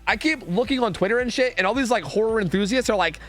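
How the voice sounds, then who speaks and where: A young man streaming a game live, chatting with his viewers in a profane, excitable, rambling way. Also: sits high, quick pace, hardly any pauses, soft background music. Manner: rambling with frequent restarts and fillers. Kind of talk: casual live-stream chat while gaming.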